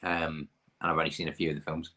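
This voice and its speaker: A man's voice: a bass voice, level tone, fast talker, pushed and bright. A man in his thirties from the UK, hosting a pub quiz with chatty, rambling, self-deprecating asides.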